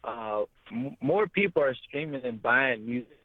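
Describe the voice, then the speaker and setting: A male musician being interviewed, answering in a relaxed, agreeable way. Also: medium pitch, moderate pace, no echo. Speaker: guest musician. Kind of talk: casual interview chat. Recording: dry, tinny phone-like line.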